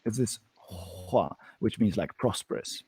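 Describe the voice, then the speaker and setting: A man teaching Mandarin phrases one on one, patient, modeling them slowly and laughing often. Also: lowish voice, lively intonation, dark tone, slightly rough, no echo. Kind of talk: one-on-one language lesson.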